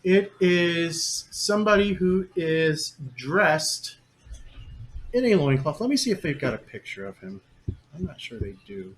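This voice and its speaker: Man calmly running a tabletop game. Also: high-pitched, slight background noise. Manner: calm, measured descriptions and rulings. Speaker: game master.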